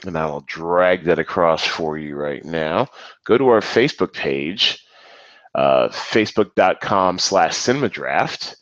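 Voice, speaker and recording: A man's voice: deep voice, fairly bright tone, dry recording, highs cut off. Chatty man hosting a solo podcast. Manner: chatty, self-deprecating, many restarts and fillers. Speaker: podcast host.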